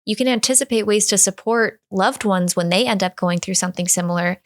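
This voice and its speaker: A woman in her thirties with a medium-pitched voice talks a little fast as an interview guest. She speaks candidly and reflectively, often restarting her thoughts as if working through drafts.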